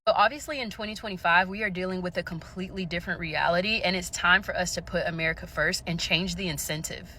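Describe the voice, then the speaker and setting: A woman's voice: fairly low pitch, fast, few pauses, bright, forceful tone, slight background noise. A woman giving assertive political commentary, emphatic and lecturing in tone. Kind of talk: opinion commentary to camera.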